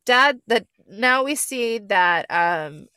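A woman hosting a podcast, recapping a movie in a casual, rambling way full of fillers and quick self-corrections. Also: on the high side, animated, bright, forceful tone, clear, resonant tone, no room sound, studio quality. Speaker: podcast host.

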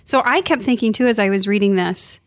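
A woman's voice: mid-range voice, a little fast. Woman, co-host, casual reflective faith chat, affirming, thoughtful. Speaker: podcast co-host. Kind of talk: casual conversational discussion.

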